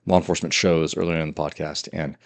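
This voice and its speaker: A man who works as a police officer, chatting casually on a podcast with a dry, deadpan humor. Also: very deep voice, quick pace, gravelly. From California.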